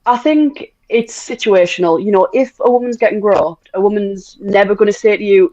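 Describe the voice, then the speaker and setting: A woman's voice: medium pitch, a little fast, few pauses, warm tone, no echo. A British woman chatting bluntly as a podcast guest, swearing freely and laughing often. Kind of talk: casual podcast chat. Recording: dull, muffled audio.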